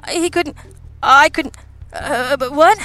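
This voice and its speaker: A woman's voice: fairly high pitch, expressive, moderate pace, a bit bright, faint music behind, voice pushed up. A woman voicing a flustered, breathless male police sergeant who stammers and sputters in an audiobook.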